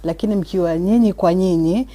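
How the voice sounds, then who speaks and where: A woman, a religious teacher, giving measured, earnest advice on a live talk show and mixing Swahili with English. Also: on the low side, dark tone. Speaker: guest speaker, religious teacher.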